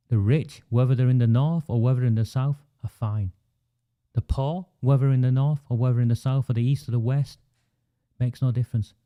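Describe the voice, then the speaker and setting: On his livestream, a man with a Northern English accent rants in an emphatic, indignant way, repeating himself. His voice is medium-pitched, and the recording has its highs cut off.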